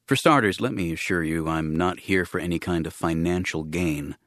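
A man doing a secretive man with a hushed, guarded way of speaking, his low voice pressing and pleading with quiet urgency in a storybook reading. The sound is close and dry. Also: moderate pace, dry recording. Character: tense secretive man driven by a private grief.

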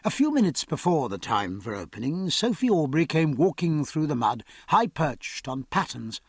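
A male audiobook narrator tells the story in a steady, expressive way. His voice sits a little high and husky, with lively pitch movement. The close studio recording is dry. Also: moderate pace, no echo. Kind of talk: scripted narration.

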